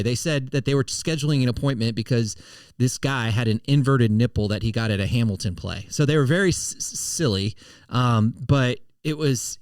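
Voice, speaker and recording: A middle-aged man talks casually as a podcast host, rambling a little and restarting sentences as he explains. His voice sits at an average pitch, recorded close and dry with no room sound. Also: darkish tone, dry recording. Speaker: podcast host and financial firm CEO.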